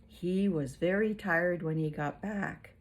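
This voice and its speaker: A woman reading a picture book aloud to young children as a storyteller, playful and animated, asking the listeners questions. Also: lowish voice, takes it slowly.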